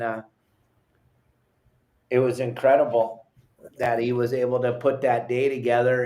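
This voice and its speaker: A man's voice: a little high, a little mellow. A man telling a fishing story in casual talk, eager and repeating his points. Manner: storytelling, enthusiastic, repeats himself.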